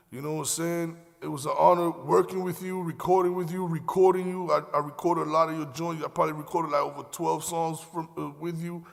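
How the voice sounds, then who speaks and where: Gravelly man telling stories. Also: a little high. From Miami, Florida. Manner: slangy, profane, loose rambling with many fillers. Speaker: podcast host. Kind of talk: casual storytelling. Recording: long hall reverb.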